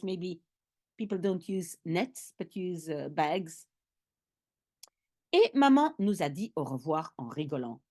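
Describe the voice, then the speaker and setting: A language teacher, a woman, works through a children's story line by line, reading the French and then explaining it in English. She talks at an unhurried pace with a very animated, up-and-down voice. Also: medium pitch. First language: Dutch. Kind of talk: bilingual language lesson.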